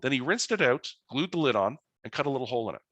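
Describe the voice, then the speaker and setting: Guy teaching money stuff on a webinar, bright lively voice, dry close sound. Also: mid-range voice, rapid-fire, dry recording, muffled recording. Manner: animated anecdotal storytelling. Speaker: financial educator. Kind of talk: storytelling webinar presentation.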